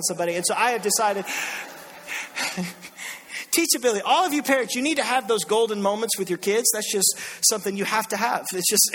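A man in his thirties preaching a sermon, telling a lively family story and acting out the voices with frequent laughs. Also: high voice. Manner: animated storytelling, acts out voices, laughs often. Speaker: pastor.

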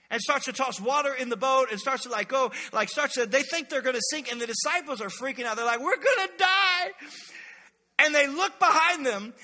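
Bright, high-voiced pastor preaching. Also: male voice, big-room sound. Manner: animated storytelling, acts out quoted voices. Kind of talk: sermon.

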